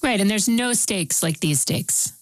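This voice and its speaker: A woman's voice: mid-range voice, lively intonation, measured pace, dry recording, poor audio. A woman hosting an interview, offering thoughtful, empathetic reflections. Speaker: host.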